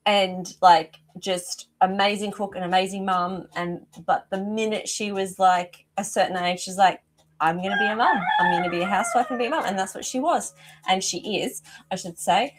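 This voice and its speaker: A middle-aged woman, hosting a live psychic reading as an animal communicator, chatting effusively and often breaking off mid-sentence. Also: mid-range voice. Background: rooster crowing outside.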